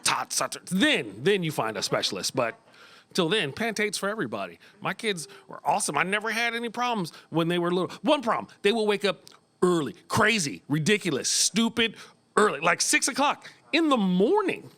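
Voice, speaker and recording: A middle-aged American man doing a stand-up set in a small club, animated, often jumping into high voices. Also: moderate pace. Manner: animated, jumps into high squeaky voices for kids. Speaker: stand-up comedian. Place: small comedy club stage.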